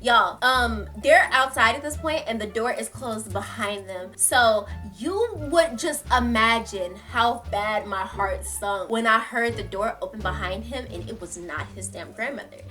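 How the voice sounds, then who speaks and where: A woman vlogger telling a story in a casual, slangy, animated way, swearing freely. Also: a little high, a little slow, hardly any pauses, soft background music.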